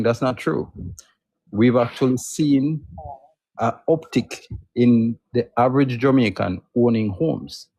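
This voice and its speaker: Measured, assertive male host. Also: medium pitch, a little mellow. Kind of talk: persuasive commentary.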